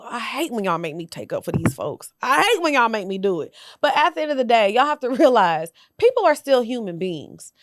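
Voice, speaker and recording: A woman's voice: fairly high pitch, no echo, clean studio sound. A young woman hosting a podcast, giving sassy, blunt commentary straight to her viewers. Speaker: podcast host. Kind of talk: casual commentary.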